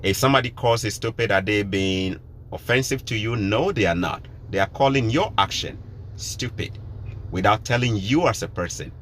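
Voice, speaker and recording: A man's voice: lowish voice, lively intonation, normal speed, a bit bright, slight background noise. A man from Ghana with a Ghanaian accent, talking to his viewers in a casual live stream, emphatic and preachy, repeating his points. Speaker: vlogger.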